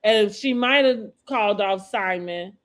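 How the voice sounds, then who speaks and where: A woman hosting a casual podcast chat, talking in loose restarts and quoting others in a lowered voice. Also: measured pace. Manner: talks in loose restarts, quotes people in a dropped voice. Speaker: podcast host. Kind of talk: casual chat about reality TV.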